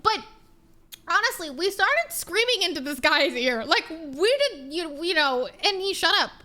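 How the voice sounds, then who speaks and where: A young woman streamer with a high, bright voice tells a story in a loose, ranting way. She talks casually and swears freely. Her pitch sits well above most women's. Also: lively intonation, unhurried. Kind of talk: casual chat.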